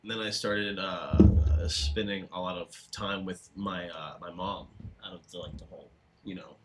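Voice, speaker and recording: Low-voiced man, easygoing chat. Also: steady tone, normal speed, background noise. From Tennessee, farm. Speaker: stream co-host. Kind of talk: casual stream chat.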